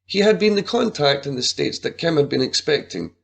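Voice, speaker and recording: A man narrating an adventure story in a lively, dramatic reading. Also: a little high, brisk, vocal fry.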